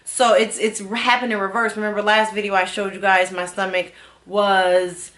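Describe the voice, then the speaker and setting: A woman in her thirties talks straight to her viewers in a casual personal vlog. Her delivery is candid and a little rambling, full of small fillers and restarts, at an ordinary mid pitch. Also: level tone, moderate pace, a bit bright. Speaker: vlogger.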